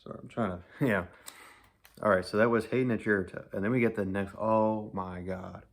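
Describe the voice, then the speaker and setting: Lower-voiced man rambling through an album review. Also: fairly even intonation, fast talker. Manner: enthusiastic, rambling, laughs often. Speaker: music reviewer.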